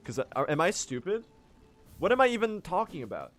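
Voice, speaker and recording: A young man from Sweden, a native Swedish speaker, giving excitable live commentary to his chat as he streams a speedrun, swearing and reacting as he plays. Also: high voice, fairly quick, faint music behind.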